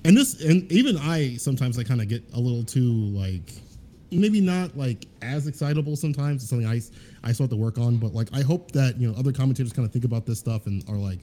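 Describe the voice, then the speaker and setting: Brief: male podcast guest, deep, mellow timbre, earnest and rambling delivery, loose chat. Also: lively intonation, fast talker. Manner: rambling, filler-heavy, earnest. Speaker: guest fighting game commentator.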